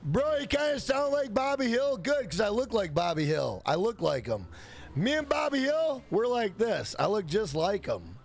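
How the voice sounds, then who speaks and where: High-voiced, profane male streamer. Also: sing-song, normal speed. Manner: profane, rambling banter. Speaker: game streamer. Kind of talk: casual live-stream chat.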